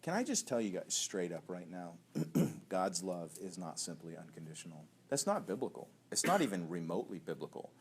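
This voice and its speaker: A man preaching as a young adults pastor, telling stories in a chatty, animated way with laughter. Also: low voice, fairly quick, hardly any pauses, husky. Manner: conversational, animated storytelling with laughs and acted voices. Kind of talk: sermon teaching.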